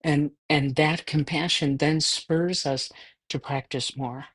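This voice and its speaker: A Buddhist nun giving a conversational dharma talk, with a self-deprecating, filler-heavy way of speaking. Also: female voice, sits low, fairly even intonation, takes it slowly, slightly rough. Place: livestreamed talk.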